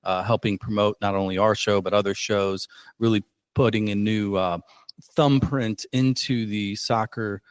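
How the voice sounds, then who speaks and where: A man's voice: fairly low pitch, fairly even intonation, moderate pace, clear, resonant tone, dry recording. Rambling, self-deprecating male podcast host. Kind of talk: casual podcast chat.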